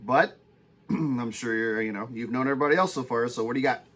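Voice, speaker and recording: A man hosting a casual podcast, talking calmly and reading stats in a dry, plain manner. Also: medium pitch, a little fast. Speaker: podcast host.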